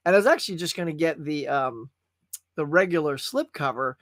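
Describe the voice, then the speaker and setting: A man's voice: fairly high pitch, fairly quick, a bit bright, no room sound, studio quality. Folksy man hosting a live movie stream. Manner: chatty and folksy, often calls viewers "y'all". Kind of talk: casual livestream chat with viewers.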